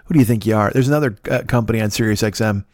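A man's voice: lowish voice, very fast, darkish tone, dry recording. Solo podcast host, man in his 50s, profane and self-deprecating, dry close sound. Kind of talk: rambling solo podcast monologue.

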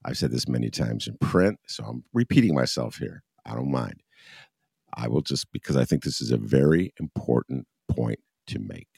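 Very deep, gravelly man. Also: moderate pace, dry recording, clean studio sound. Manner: heated, builds from calm to ranting. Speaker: talk show host. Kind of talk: political talk.

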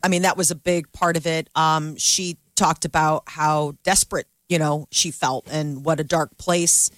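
A woman's voice: low-pitched, normal speed, dry recording. Chatty woman radio co-host. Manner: chatty, animated, acts out quotes. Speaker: radio morning show co-host. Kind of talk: casual entertainment chat.

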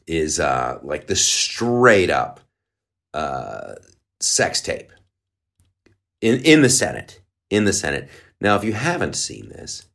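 A man's voice: sits low, fairly bright tone. A man hosting a podcast, riffing in a loose comedic monologue full of restarts and mocking asides. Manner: rambling, lots of uh fillers and restarts, mocking. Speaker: podcast host. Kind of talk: casual comedic commentary.

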